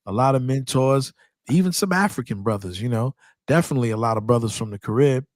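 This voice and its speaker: A man's voice: mid-range voice, fast. A man with a mid-range voice speaks earnestly and reflectively in casual podcast chat. The sound is dry and close, with no room echo.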